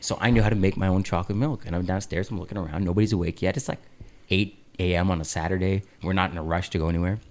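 A man in his thirties, a podcast co-host, telling a childhood story in casual chat, animated and swearing freely. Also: sits low, racing.

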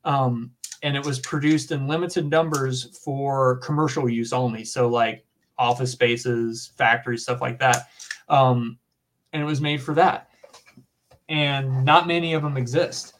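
A young man in his twenties with a Southern US accent chats casually on a podcast. He rambles, fills gaps with um, and calls people dude and man, in a mid-pitched voice. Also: fairly even intonation, unhurried, a bit bright, a little hiss or hum. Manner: rambling, filler-heavy, says dude and man. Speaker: podcast guest. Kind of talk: casual chat.

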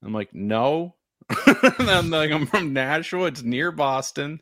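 Animated young man in casual chat. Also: fairly high pitch, dry recording, clean studio sound. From New Hampshire, USA. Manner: animated, laughing, quick asides. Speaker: podcast co-host.

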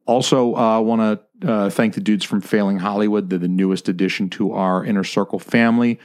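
A man's voice: fairly low pitch, steady tone, a little fast, darkish tone. A man co-hosting a podcast, chatting casually in a profane, joking, rambling way. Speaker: podcast co-host.

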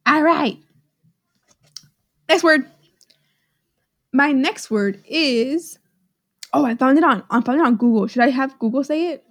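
High-voiced playful woman podcast host. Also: a little slow, pauses often, a bit bright, no room sound, clean studio sound. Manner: playful, giggly, jokes then says she is kidding. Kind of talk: casual chat, slang guessing game.

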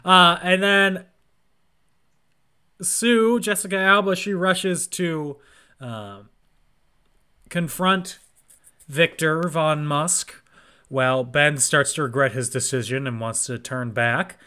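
A man's voice: a little high, takes it slowly, pauses often, bright, forceful tone, clear, resonant tone. A man co-hosting a podcast, retelling a film plot casually with sarcastic jokes. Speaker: podcast co-host. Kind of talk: casual movie recap chat.

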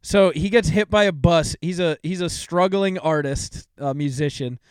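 A man's voice: on the high side, moderate pace, clean tone, no echo, clean studio sound. A young man co-hosting a podcast, chatting casually and swearing freely as he retells movie plots with plenty of fillers. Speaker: podcast co-host.

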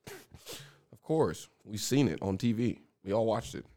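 A man's voice: on the low side, expressive, a little slow, dark tone. Profane, laughing man hosting a podcast. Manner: laughs often, profane, mocks in put-on voices. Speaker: podcast host. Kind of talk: casual podcast chat.

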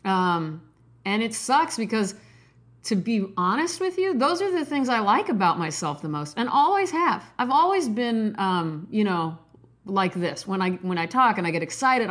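A woman in her forties from Nebraska hosting her own podcast, talking loudly and excitedly, jumping between topics with cussing and self-mocking jokes. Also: medium pitch. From Nebraska, USA. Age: 40s. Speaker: podcast host. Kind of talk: casual solo podcast monologue.

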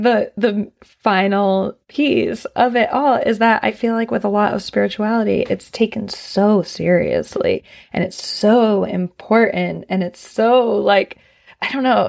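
A woman's voice: medium pitch, vocal fry, a little mellow. A woman, a photographer and business partner, talking earnestly in a casual chat with many fillers.

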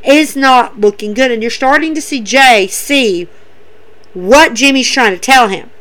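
A woman's voice: on the high side, a little slow, fairly bright tone. A woman casually recapping wrestling episodes, enthusiastic and repetitive, with many fillers.

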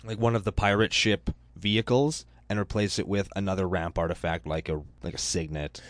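A man co-hosting a casual podcast, explaining card-game tactics in a relaxed way. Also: deep voice, fairly quick, dry recording. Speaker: podcast co-host. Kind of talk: casual game-strategy chat.

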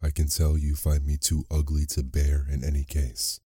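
A hideous, lonely beast from a bedtime storybook, as a narrator puts him on, bitter and hurt. He speaks slowly with a rasp in a very deep, dark voice, and the recording is close and dry. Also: little pitch movement, no room sound. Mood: restrained. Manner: slow and rasping.

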